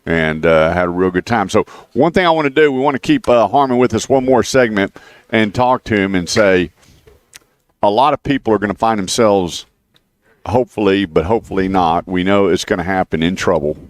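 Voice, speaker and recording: Male radio host with a very low voice and a dry studio sound, a folksy storyteller. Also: a little fast, no room sound. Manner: folksy storyteller, animated when quoting others. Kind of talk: casual radio chat. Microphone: studio microphone.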